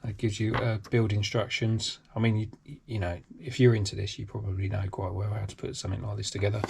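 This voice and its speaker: A man's voice: lowish voice, level tone, brisk, gravelly, noisy background. A British man hosting a hobby channel, talking casually through an unboxing with lots of ums and restarts. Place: home workshop.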